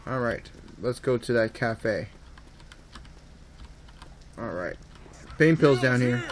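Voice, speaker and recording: Slow-talking man narrating his gameplay. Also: mid-range voice. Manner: running commentary that swings from mumbling to excited yelps. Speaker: gaming video host. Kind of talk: casual let's-play commentary.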